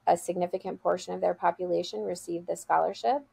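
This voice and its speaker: A woman's voice: lowish voice, fairly even intonation, quick pace, gravelly, mellow, breathy edge. A woman school leader, a guest on an interview show, telling a heartfelt story in an earnest, conversational way over a video call. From USA.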